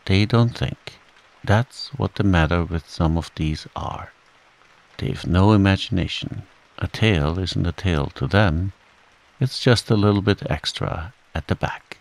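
A man's voice: deep voice, a little slow, gravelly, rough recording. A man voicing a gloomy, self-pitying old grey donkey with mournful, sighing complaints in a storybook reading. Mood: glum.

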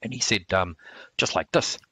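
A man tells stories at an easy, rambling pace. He stops and restarts often, with plenty of fillers. His voice sits low, and the sound is dry with almost no room echo. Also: normal speed, pushed and bright, husky. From New Zealand. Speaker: martial arts instructor. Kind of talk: relaxed storytelling interview.

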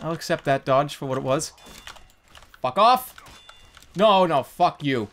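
A man giving loud, excitable gameplay commentary, yelping and swearing while desperate to pee. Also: fairly high pitch, moderate pace. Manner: excitable, yelps and swears, self-mocking. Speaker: gaming YouTuber.

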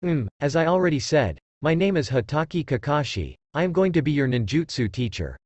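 A man reading aloud and voicing a calm, aloof adult ninja teacher with a detached, unbothered manner. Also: fairly high pitch, fairly quick, dry recording.

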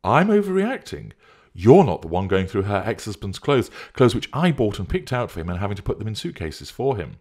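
A man's voice: on the low side, very animated, brisk, few pauses, a little mellow, slightly rough, voice pushed up. A man voicing a petulant young woman who insists and pleads for drugs. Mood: indignant.

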